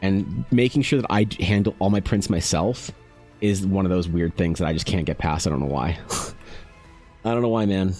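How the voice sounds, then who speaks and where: Rambling low-voiced man chatting on stream. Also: moderate pace, darkish tone, soft background music. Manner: rambling, self-deprecating, talks to chat by name. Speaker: artist streaming live. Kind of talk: casual chat on a live stream.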